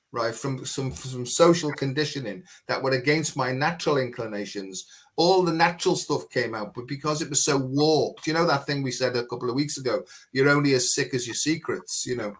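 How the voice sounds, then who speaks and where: A man's voice: mid-range voice, a bit bright. Frank, rambling man. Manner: rambling, frank, peppered with "you know". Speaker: guest. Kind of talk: candid conversational testimony.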